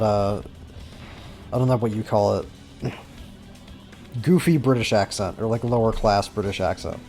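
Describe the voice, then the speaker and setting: A man talks through a game in loose, rambling commentary, full of ums and the odd swear word. His voice is mellow and dark, with faint game music behind him. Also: medium pitch. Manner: rambling, filler-heavy, casual swearing. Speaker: gameplay commentator. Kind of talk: casual gameplay commentary.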